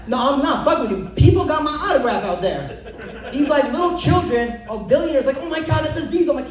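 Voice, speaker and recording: Young man, brash stand-up comic, lively swooping pitch, distant mic, echoey club room. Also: moderate pace, pauses often, faint music behind. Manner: brash, loud, swings pitch for bits. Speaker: stand-up comedian. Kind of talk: stand-up crowd work. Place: comedy club stage.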